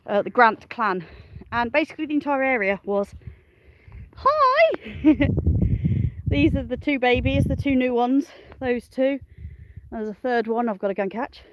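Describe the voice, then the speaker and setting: A smallholding farmer and vlogger walks her farm outdoors, chatting cheerfully to the camera, laughing often and talking to her animals and viewers. Her voice is fairly high and her pace normal, though the recording is muffled with a little hiss or hum.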